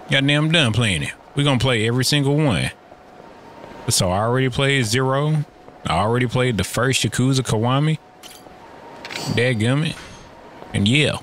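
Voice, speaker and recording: A man riffing over a fighting game in loose, slang-heavy banter, cursing and ribbing the characters on screen. His voice sits at an ordinary middle pitch with a relaxed, casual delivery. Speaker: let's play gamer. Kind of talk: casual gameplay commentary.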